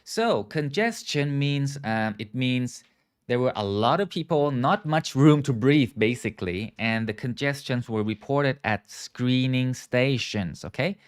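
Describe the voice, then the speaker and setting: A man's voice: medium pitch, animated, a little slow, clear, resonant tone. A man teaching English live, explaining words and asking viewers to repeat after him. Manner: frequent "okay" and "right" checks. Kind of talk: live online English lesson.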